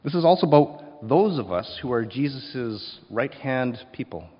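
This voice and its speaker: A male pastor preaching a sermon, swinging between hushed and loud passages and acting out voices. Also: medium pitch, lively intonation, normal speed. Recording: dull sound with long hall reverb.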